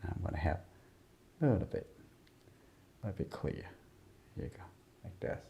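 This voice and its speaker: Soft-spoken low gravelly male art teacher. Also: sing-song, normal speed, a little hiss or hum. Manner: soft-spoken, murmuring, simple broken phrasing. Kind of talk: drawing lesson narration while working. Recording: dull lo-fi sound.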